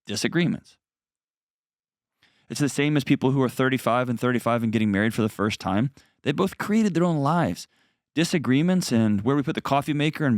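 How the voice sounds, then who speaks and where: A man's voice: mid-range voice, a little fast, dry recording. A middle-aged man with a drawl counsels a caller on his advice show. He sounds earnest and plainspoken, with folksy asides. The recording is close and dry, with no room sound. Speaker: host.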